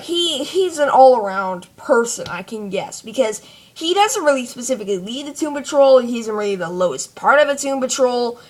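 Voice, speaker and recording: A woman vlogger giving a rambling, casual fan commentary full of fillers. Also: fairly high pitch. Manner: rambling, chatty, many fillers.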